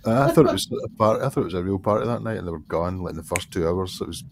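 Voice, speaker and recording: A laid-back man with a very deep voice, chatting casually and often murmuring along. Clear background noise sits under his voice. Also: expressive, racing. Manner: laid-back, many short backchannel murmurs. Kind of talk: casual chat.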